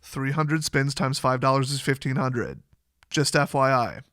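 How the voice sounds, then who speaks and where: A man giving casual casino advice, rambling and chatty in deliberately clear, well-spoken diction, acting out quoted dialogue with sudden high jumps in his voice. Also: fairly bright tone.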